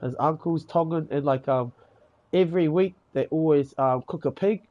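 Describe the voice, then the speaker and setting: Through dull audio, a slightly high male voice moves at a moderate pace. He's a gamer from New Zealand with the matching accent, chatting casually in voice chat, rambling on, swearing freely and throwing in "eh" and "bro".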